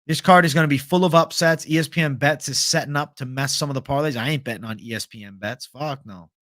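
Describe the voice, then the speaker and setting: A man's voice: mid-range voice, fast, fairly bright tone, dry recording, studio quality. A young man hosting a live stream, reading viewer comments in a laid-back, chatty, profane way. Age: young adult. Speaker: host.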